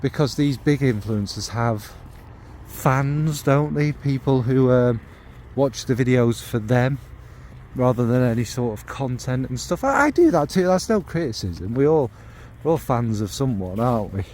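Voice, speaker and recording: In a mid-range, expressive voice that moves a little slowly, a man addresses his vlog audience over slight background noise. A fragrance vlogger, he rambles casually and at length, warm and enthusiastic about scents.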